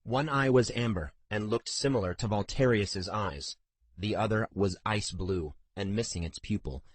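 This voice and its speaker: A man narrating a fantasy audiobook in a measured, steady storytelling manner. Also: fairly low pitch, no echo.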